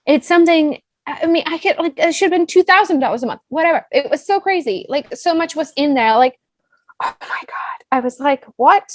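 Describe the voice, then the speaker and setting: A woman in her thirties with a foreign accent, a business coach telling her own story as a podcast guest, animated and full of "like" and "right?". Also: high-pitched, a little fast, dry recording. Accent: non-US foreign accent. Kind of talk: personal storytelling in a podcast interview.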